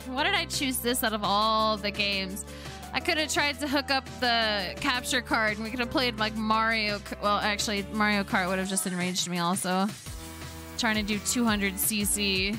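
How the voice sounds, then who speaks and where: A woman's voice: medium pitch, normal speed. A young woman streaming a game, chatting casually with her viewers, swearing freely and humming along to the game music. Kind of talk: casual live-stream chat while gaming. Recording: game music playing clearly behind.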